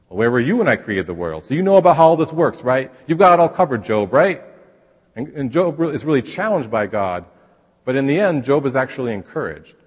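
Male pastor, casual sermon delivery, mid-pitched voice, long hall reverb. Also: breathy edge. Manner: conversational, acts out quoted voices.

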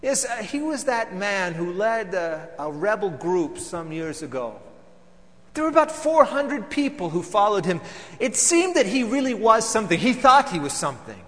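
A bitter, vengeful temple council elder, brought to life by a man speaks in a theatrical religious monologue. His slightly raised voice is bright and rises and falls widely, and he delivers it unhurried, moving between loud outbursts and hushed, seething lines. A long hall reverb trails each phrase. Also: high voice, sing-song. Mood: recounting, measured. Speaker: dramatic monologue performer.

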